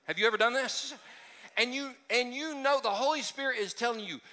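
A male pastor delivers a sermon in a bright, forceful voice that sits high for a man. He talks conversationally, restarting phrases and slipping in self-deprecating jokes. The sound rings with a long church-hall reverb. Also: brisk. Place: church sanctuary.

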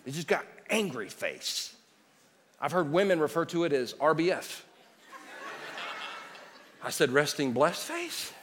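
A man preaching a sermon, moving between loud declarations and quiet storytelling. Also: on the high side, animated, measured pace, pauses often. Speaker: pastor. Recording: long hall reverb.

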